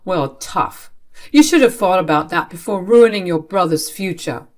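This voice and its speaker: A woman's voice: on the low side, animated, normal speed, lightly acted. A woman voicing a stern, unfair middle-aged father who scolds coldly, in her own everyday voice. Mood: harsh. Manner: scolding, cold.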